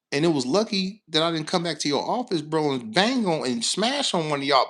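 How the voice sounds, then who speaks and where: A man's voice: on the high side, husky. A man, a truck driver telling a rambling, profane story in casual talk. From Chicago, West Side. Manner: animated, cursing, laughing, rambling.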